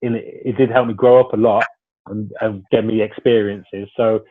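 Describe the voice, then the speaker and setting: A man, a former footballer being interviewed, telling lively stories and acting out what others said to him. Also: lowish voice, moderate pace, a little hiss or hum. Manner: lively anecdotal storyteller, acts out dialogue. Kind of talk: casual storytelling interview. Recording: tinny phone-like line.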